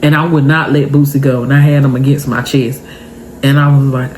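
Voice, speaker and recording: A young woman vlogger telling a story to her viewers in a casual, animated and emotional way. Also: rumbling low, a little fast, slight background noise.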